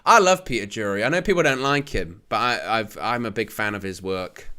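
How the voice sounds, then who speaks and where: Talking briskly in a lowish voice, a man hosts a live football watch-along. He delivers excited play-by-play between joking exchanges with viewers, laughs frequently, and shouts at the near-misses.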